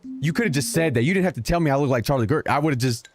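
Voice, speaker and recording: Lively joking male game streamer. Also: fairly high pitch, quick pace. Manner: animated, joking, swears freely. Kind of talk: casual gameplay commentary. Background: game music.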